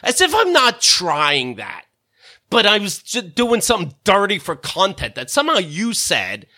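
Animated, bright-voiced ranting man. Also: high voice, measured pace, no echo, clean studio sound. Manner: animated, profane, laughing between rants. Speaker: podcast host. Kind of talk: casual ranting storytelling.

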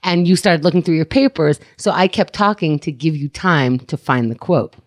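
Lively low-voiced woman bantering. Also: moderate pace. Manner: chatty, teasing, laughs often. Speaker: co-host. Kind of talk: casual podcast banter.

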